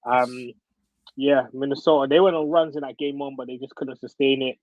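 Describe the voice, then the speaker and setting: A man's voice: medium pitch, moderate pace, no room sound. Man on a dull, dry podcast line. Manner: relaxed, says "like" and "man". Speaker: podcast guest. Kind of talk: casual sports chat.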